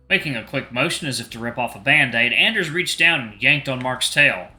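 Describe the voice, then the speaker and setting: Young male game narrator, bright animated read over quiet background music. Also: mid-range voice, fairly quick, hardly any pauses. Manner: narrates in second person, lively delivery. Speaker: visual novel reader. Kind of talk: reading a visual novel aloud.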